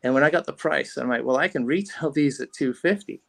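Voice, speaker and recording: Gravelly-voiced man telling a rambling story. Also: medium pitch, fairly quick. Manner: rambling, frequent restarts and fillers. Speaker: podcast guest, fishing rod company founder. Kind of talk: casual storytelling interview.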